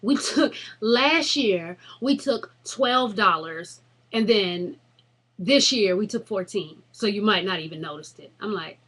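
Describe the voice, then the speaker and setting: A young woman vlogger tells a story to her viewers in an animated, profane and dramatic way. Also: mid-range voice, unhurried. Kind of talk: casual storytelling vlog.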